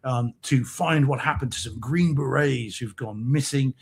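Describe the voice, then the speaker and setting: A man's voice: mid-range voice, a little slow, vocal fry, a little mellow, breathy edge. A British man co-hosting a casual live-stream chat, rambling and hesitant with lots of ums, laughing often. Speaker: co-host. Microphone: remote video-call mic.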